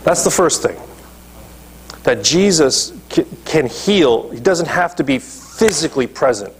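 A man's voice: a little high, animated, unhurried. A male pastor preaching a sermon emphatically, often checking in with his listeners. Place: church.

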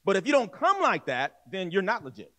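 A male pastor preaching with a high, lively voice that swoops up and down. He talks straight to the congregation in a casual, conversational way. He acts out the people in his story and often repeats himself or restarts a phrase. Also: brisk. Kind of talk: sermon.

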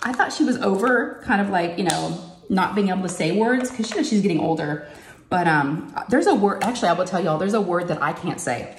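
Chatting away while diamond painting, a middle-aged woman vlogs from her home craft room; the audio is echoey with faint noise. Her intonation is lively and her pace a little fast, and she acts out others' words in a higher voice.

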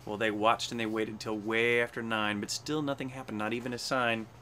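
A man with a lowish voice that barely moves in pitch reads a rhyming storybook for children aboard a space station, sounding brisk, pushed and bright. He gives the animals little sing-song voices over a slight hiss or hum.

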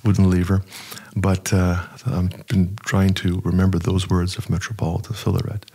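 Low gravelly middle-aged priest. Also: male voice, completely flat delivery, dark tone. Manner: unhurried, hesitant, many fillers. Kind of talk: personal storytelling in an interview.

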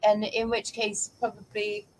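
A woman's voice: medium pitch, completely flat delivery, measured pace, darkish tone, slight background noise, poor audio. A woman co-hosting a casual live stream, showing what she bought in a dry, jokey way. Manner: dry and jokey, lists items plainly. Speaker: livestream co-host showing purchases. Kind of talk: casual chat.

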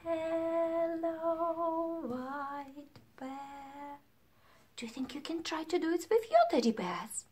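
A woman leading a sing-along music lesson for young children, animated and playful, singing and dropping into hushed whispers. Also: high voice, brisk, hardly any pauses. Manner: animated, swings between sung lines and hushed whispers.

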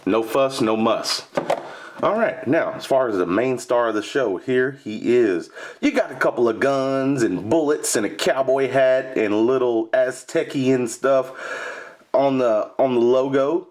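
A man's voice: mid-range voice, measured pace. Rambling, profane guy reviewing gear. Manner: rambling, profane, laid-back. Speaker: vape product reviewer. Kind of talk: casual product review vlog.

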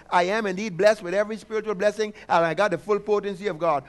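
A man preaching a sermon, calling out for responses and repeating affirmations, stretching key words slowly for emphasis. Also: sits high. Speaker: pastor.

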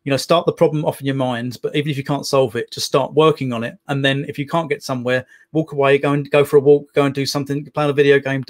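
Fast-talking man, rambling poet. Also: medium pitch. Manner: rambling, many restarts and fillers. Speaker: poet guest. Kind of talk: casual interview talk.

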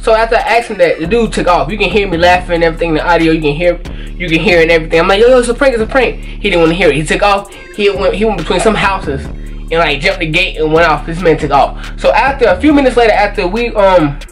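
A man hosting a prank channel, telling a storytime to the camera in an excitable, slangy way with sudden high-pitched outbursts. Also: fast, soft background music.

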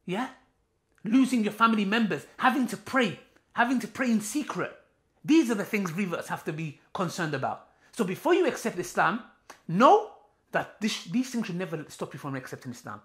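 A man's voice: high-pitched, fairly bright tone. A man giving an impassioned talk to his viewers, emphatic and repetitive, rising into heated outbursts. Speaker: online preacher. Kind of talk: impassioned street-style talk.

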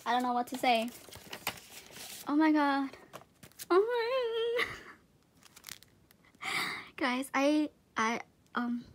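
Brief: high-pitched woman, excitable unboxing vlogger, gushes and exclaims, home tripod-camera sound. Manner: gushing, excitable, repeats exclamations, laughs often. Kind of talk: unboxing vlog, casual chat to camera.

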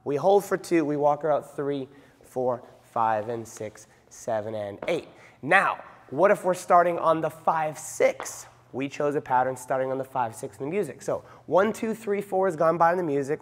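Dance instructor counting beats in a reverberant hall. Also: male voice, on the high side, moderate pace. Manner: counts beats aloud rhythmically while explaining.

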